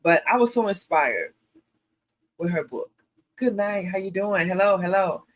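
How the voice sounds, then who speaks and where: A woman hosting a casual livestream Q&A, telling stories in an animated, preachy way and calling her viewers y'all. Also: mid-range voice, unhurried. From American South. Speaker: show host.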